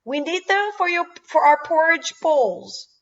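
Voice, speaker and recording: A woman voicing a bossy little preschool girl who gives orders in a high, commanding child voice, on a dull lo-fi recording. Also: very animated, unhurried, a bit bright, far from the mic, full character voice. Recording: dull lo-fi sound.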